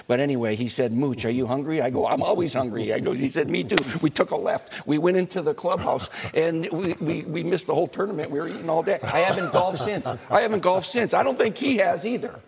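A man telling a story on a studio panel, doing lively impressions of a friend along the way. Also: mid-range voice, creaky, slight background noise. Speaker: guest.

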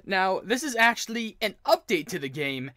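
Excitable high-voiced young man narrating gameplay. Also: normal speed, no echo, clean studio sound. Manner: gushing, excitable, stumbling over words. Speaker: gaming channel host. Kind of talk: excited let's play commentary. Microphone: earphones with mic.

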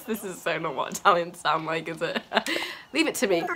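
A woman's voice: mid-range voice, lively intonation, normal speed. A woman giving casual, gushing and giggly commentary over her gameplay. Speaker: gaming YouTuber. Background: game music.

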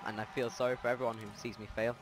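Excitable stammering gamer guy. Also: mid-range voice, very fast. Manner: excitable, stammers and repeats himself. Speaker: gamer playing with a friend. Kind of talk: casual gameplay chat.

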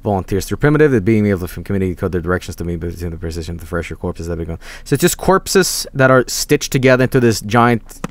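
A young man streaming a game, casually telling a story, cursing a lot and shouting out the voices he quotes. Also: sits low, brisk. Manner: animated, swearing, mock-shouting quoted voices. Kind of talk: casual storytelling while gaming.

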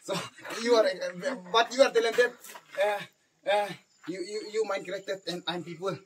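A man's voice: sits high, steady tone. Brief: man, plays a teacher in a comedy skit, broken English, stumbles and repeats, light hiss behind. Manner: broken English mixed with Hindi, halting, repeats words. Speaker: comic playing a teacher.

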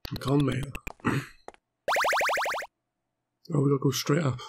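Gamer, hoarse, excitable, swears a lot, noisy recording. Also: male voice, mid-range voice, slow pace. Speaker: gaming channel host. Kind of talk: let's play commentary.

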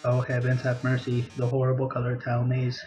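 A man's voice: mid-range voice, monotone, a little fast, a little mellow, lightly acted. A man voicing a melodramatic, diva-like male robot opera star in a hammy, mock-tragic way.

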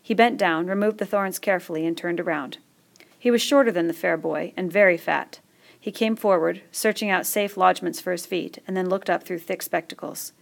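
Woman reading a novel out loud, low pitch, lots of vocal fry, steady measured narrating. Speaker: audiobook reader. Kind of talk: scripted narration.

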